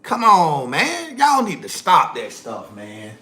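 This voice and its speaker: A man's voice: fairly high pitch, wildly swooping pitch, slow, pushed and bright. A man hosting his own livestream, ranting heatedly in loose slangy speech and repeating himself. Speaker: livestream host. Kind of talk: casual livestream rant.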